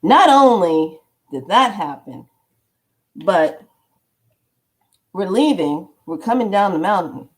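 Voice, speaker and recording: A woman vlogger telling a spiritual story in a casual, animated way, acting out the dialogue as she goes. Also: medium pitch, slow, long pauses.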